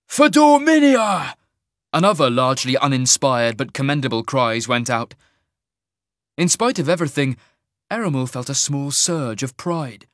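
A man narrating a fantasy audiobook in a measured, even storytelling manner. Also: mid-range voice, dry recording, studio quality.

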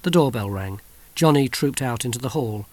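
A man reading a novel aloud in measured, wry audiobook narration. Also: medium pitch, lively intonation, slight background noise.

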